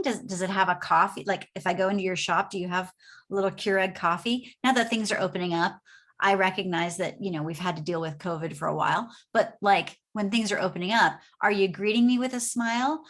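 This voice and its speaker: Woman presenter, mid-pitched voice, upbeat motivational talk from home, chatty with frequent "right?" check-ins. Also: a bit bright. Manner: upbeat, conversational, asks the audience "right?". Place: home office.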